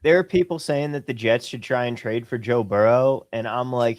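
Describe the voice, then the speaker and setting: A man's voice: medium pitch, moderate pace, few pauses, darkish tone. A man on a live sports-betting panel, arguing his point logically with dry jokes in casual chat.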